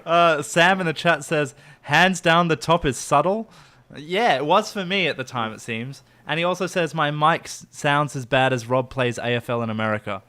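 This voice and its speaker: A man's voice: on the high side, normal speed, bright, forceful tone, slight background noise. A man hosting a casual comedy podcast, telling rambling stories with frequent giggles. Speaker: podcast host.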